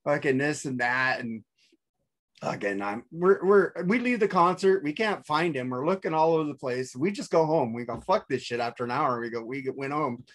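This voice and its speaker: A man's voice: fairly high pitch, lively intonation, normal speed. A man co-hosting a casual podcast, rambling through a story, cursing freely and restarting his sentences. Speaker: podcast co-host. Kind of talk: casual chat.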